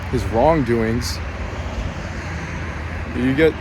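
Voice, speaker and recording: A breathy man speaks in a confessional personal vlog. His voice sits at an ordinary middle pitch and has a slightly complaining tone. He stumbles through fillers and restarts while faint outdoor noise hums underneath. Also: drawn-out words. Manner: hesitant, many fillers and restarts. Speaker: vlogger.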